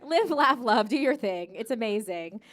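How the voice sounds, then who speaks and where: An American stand-up comedian performs live on a comedy stage before an audience, with a brash, profane, valley-girl delivery into a handheld mic. Her voice is a little high and fairly bright, with lively intonation at normal speed.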